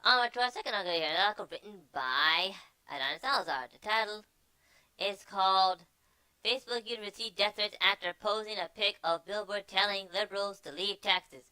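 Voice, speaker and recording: A woman's voice: medium pitch, brisk, sharp tone, smooth, dry recording, poor audio. A woman hosting a news show, reading articles aloud with sarcastic asides and frequent stumbles and repeated words.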